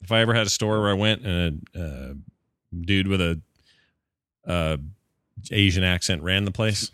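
A man's voice: sits low, normal speed, fairly bright tone, smooth, dry recording, studio quality. A man co-hosting a casual movie commentary podcast, jokey and laughing often. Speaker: podcast co-host.

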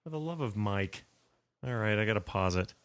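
A man's voice: lowish voice, expressive, moderate pace, a bit bright, no room sound, clean studio sound. A man hosting a casual podcast, joking, laughing often and rambling through asides. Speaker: podcast host.

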